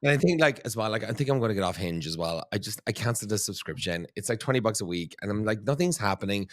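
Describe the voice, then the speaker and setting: Irish-born male podcast host, 30s, low-pitched, dry close sound, chatty storyteller. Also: quick pace, no room sound. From Ireland. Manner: animated storytelling, swearing, frequent "like". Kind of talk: casual chat.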